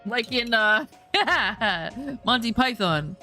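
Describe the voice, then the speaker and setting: Streamer woman, casual rambling chat, bright forward tone. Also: medium pitch, lively intonation, moderate pace, soft background music. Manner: rambling, full of "like" and restarts. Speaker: streamer reacting to a show.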